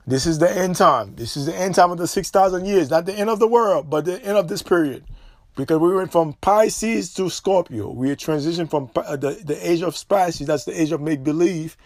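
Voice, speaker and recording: Emphatic high-voiced podcast preacher. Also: male voice, normal speed, no echo. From Haiti. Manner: emphatic and repetitive, preachy warnings. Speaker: podcast host.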